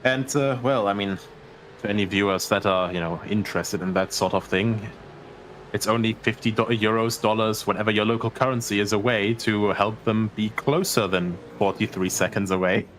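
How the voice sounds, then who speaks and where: A man's voice: fairly low pitch, fairly even intonation, normal speed, slight background noise, low-quality recording. A man co-commentating a live charity race in a joking, easygoing way.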